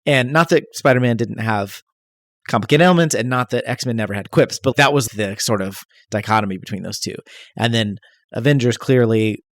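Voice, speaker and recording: A man's voice: mid-range voice, brisk, dry recording, studio quality. A man hosting a podcast, rambling jokingly about a movie and swearing casually. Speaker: podcast host. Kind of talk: casual movie-review chat.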